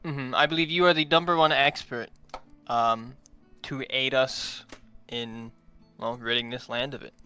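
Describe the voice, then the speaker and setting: Polite tabletop player, bright voice. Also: medium pitch, steady tone, a little slow, clean tone, soft background music. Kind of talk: tabletop role-play.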